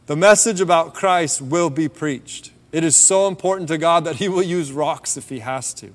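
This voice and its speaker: Male preacher, fairly high voice, relaxed story-driven testimony, long reverb tail from a hall. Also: moderate pace. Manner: relaxed storytelling, drops softer on key points. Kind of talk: conversational sermon testimony.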